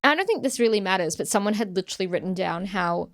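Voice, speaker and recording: A woman's voice: medium pitch, lively intonation, fast talker. A woman co-hosting a podcast, recounting film scenes animatedly with dry asides. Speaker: podcast co-host. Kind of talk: casual chat.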